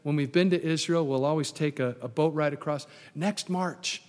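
A man's voice: on the high side, normal speed, long reverb tail. A man preaching a sermon as pastor, emphatic, repeating key phrases and putting questions to the congregation.

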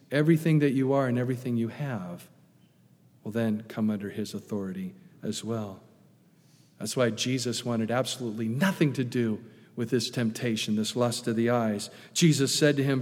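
A man preaching a sermon, lively and animated, acting out the tempter's coaxing lines with rising emphasis. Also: medium pitch, moderate pace, long reverb tail. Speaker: pastor.

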